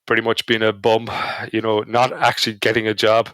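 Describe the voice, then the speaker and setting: A man's voice: fairly low pitch, completely flat delivery, brisk, a bit bright, dry recording. A man with an Irish accent, a podcast guest telling anecdotes in a casual, self-deprecating way. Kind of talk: casual storytelling chat.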